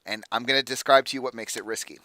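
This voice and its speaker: A man's voice: mid-range voice, fairly even intonation, fast, sharp tone, no echo. A man running a tabletop game as game master, explaining the rules and weighing his calls aloud.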